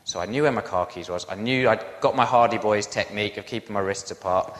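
A man's voice: on the low side, fast. Man preaching in an echoey hall. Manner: animated storyteller, self-deprecating asides. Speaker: pastor. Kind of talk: sermon storytelling.

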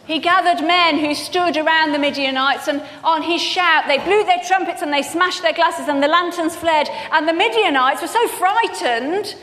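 A woman giving an earnest, personal sermon to a congregation, sometimes projecting and sometimes speaking softly. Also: very high voice, normal speed, hardly any pauses. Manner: earnest, personal, shifts between projected and soft-spoken. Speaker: preacher. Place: church hall. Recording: hall reverb, faint background noise.

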